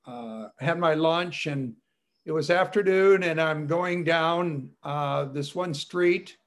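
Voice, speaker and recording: High-voiced man telling a chatty testimony. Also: vocal fry. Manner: chatty, many "you know" fillers, chuckles often. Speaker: speaker sharing his testimony with fellow believers. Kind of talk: rambling personal testimony talk.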